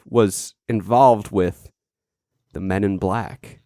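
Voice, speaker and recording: A man's voice: on the low side, fairly even intonation, slow, gravelly, warm tone, no room sound. Man, podcast co-host, rambling storyteller, dry close sound. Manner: rambling, self-interrupting storyteller. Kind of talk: casual comedic chat.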